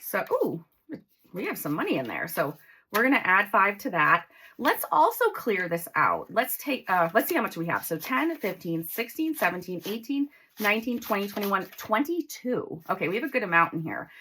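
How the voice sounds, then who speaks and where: A woman in her forties talking casually while counting cash into envelopes, chatty and excitable. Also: medium pitch, normal speed, slightly rough. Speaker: budgeting vlogger.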